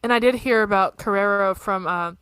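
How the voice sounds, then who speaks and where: A woman from Ohio co-hosting a podcast in casual chat, animated, laughing often and swearing freely. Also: medium pitch, a little fast, slight background noise. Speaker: podcast co-host.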